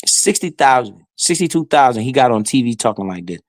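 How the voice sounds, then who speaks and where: Animated, heckling man with dry sound. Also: mid-range voice, fairly quick, dry recording. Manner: animated, heckling, swears and laughs often. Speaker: finance streamer. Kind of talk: casual commentary over a played clip.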